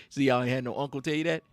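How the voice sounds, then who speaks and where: A man's voice: medium pitch, clear, resonant tone, dry recording. A man hosting a satirical dating-advice monologue, talking in streetwise slang and rambling like a preacher, chuckling between his points. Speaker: host.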